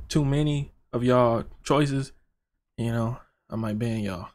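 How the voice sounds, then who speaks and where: A man's voice: mid-range voice, steady tone, unhurried, darkish tone. A man, rambling and swearing casually as he reacts to music videos and jokes with his viewers. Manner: rambling, profane, joking with viewers.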